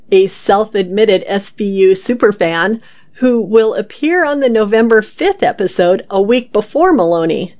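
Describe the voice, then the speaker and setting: A woman's voice: mid-range voice, muffled recording. Woman reading entertainment news aloud. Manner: steady, even read-aloud delivery of quotes and narration. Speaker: volunteer reader.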